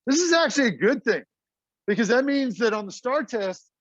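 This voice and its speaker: A man's voice: very high-pitched, sing-song, fairly quick, fairly bright tone, dry recording, muffled recording. A middle-aged man, a math teacher talking casually to his class in a classroom. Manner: chatty, casual and talkative, addresses the class as y'all.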